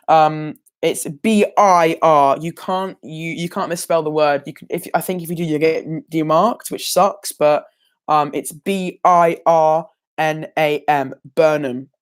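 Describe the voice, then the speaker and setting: A teenage boy revising for an exam on a casual livestream, rambling and hesitant, full of ums and self-corrections. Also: fairly high pitch. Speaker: student sharing exam revision.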